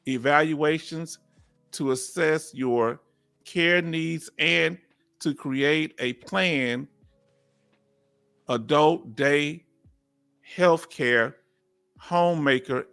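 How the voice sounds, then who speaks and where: Bright-voiced Southern man from Texas. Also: fairly high pitch, vocal fry, clear, resonant tone. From Houston, Texas. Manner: folksy, drawn-out, animated storyteller. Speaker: host. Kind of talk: live-stream chat.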